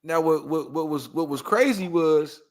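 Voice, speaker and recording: Male storyteller from LA, fairly high voice, animated, acts out quotes. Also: moderate pace, slight background noise. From Los Angeles. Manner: acts out quoted voices, slang-heavy, rhetorical asides. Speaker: guest storyteller. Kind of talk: animated storytelling in casual chat.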